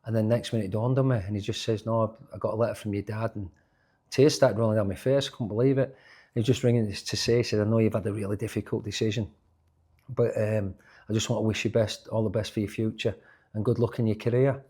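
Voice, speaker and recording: A man's voice: on the low side, steady tone, fast, warm tone, breathy edge. A man of around sixty, a former footballer telling stories in an interview, restarting and repeating words as he goes. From England. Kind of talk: storytelling in a sports interview.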